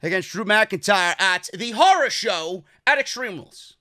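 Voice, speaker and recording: Sarcastic high bright-voiced man. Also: expressive, normal speed, no room sound, clean studio sound. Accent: New York. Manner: sarcastic, profane, exasperated. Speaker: podcast host reviewing wrestling. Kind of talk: casual review monologue.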